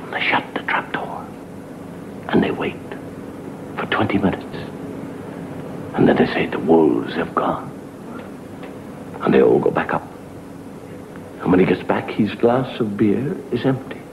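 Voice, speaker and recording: A man telling a comic horror story with a dramatic delivery, dropping to a hushed whisper and swelling again. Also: lowish voice, very animated, moderate pace, vocal fry, pauses often. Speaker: comedian storyteller. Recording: dull hissy old TV recording.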